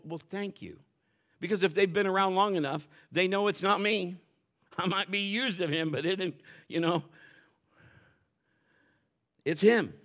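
A middle-aged man preaching a sermon in a folksy, animated way, acting out quotes and dropping to a whisper for emphasis. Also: on the high side. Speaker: pastor.

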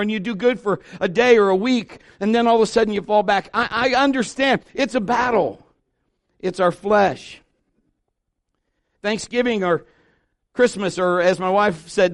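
A middle-aged man preaching a sermon in church, conversational and joking, with asides to the congregation. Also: high voice. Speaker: pastor. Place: church sanctuary.

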